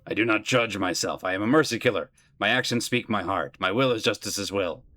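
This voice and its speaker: A man's voice: on the low side, fairly quick, sharp tone, no echo. A man voicing a stern, zealous armored mercy killer who speaks in solemn, absolute declarations. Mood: unbending.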